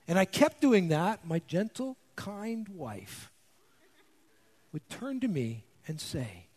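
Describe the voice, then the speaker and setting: A man's voice: sits high, slow pace. A man giving a classroom lecture, telling anecdotes and acting out quoted lines as he goes. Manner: animated storyteller, acts out quotes.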